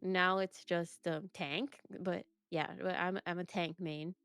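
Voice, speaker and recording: A woman's voice: fairly low pitch, steady tone, slow, a bit bright, clear, resonant tone, no echo. A young woman chatting as an interview guest, rambling with lots of fillers and restarts. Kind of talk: casual chat.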